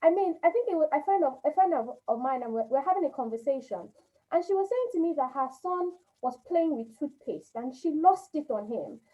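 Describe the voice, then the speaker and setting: High, mellow woman host on dull call audio. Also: lively intonation, brisk. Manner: reflective, sums up the guest's points. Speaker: webinar host. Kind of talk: webinar conversation. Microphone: video call.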